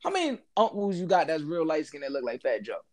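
A man co-hosting a podcast, laid-back and quick with asides in casual chat. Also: fairly high pitch, huge pitch swings, crowd noise. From Puerto Rican heritage. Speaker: podcast co-host.

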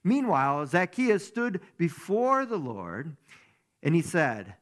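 A man's voice: a little high, very animated, slow. A man giving a conversational sermon as a pastor, who keeps asking his listeners rhetorical questions.

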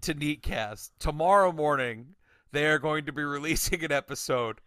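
A man's voice: a little high, moderate pace, no echo, clean studio sound. A young man from Connecticut hosting a casual podcast chat, laughing often, swearing and quizzing his co-hosts. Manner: laughs often, swears, animated quiz-giving. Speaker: podcast host.

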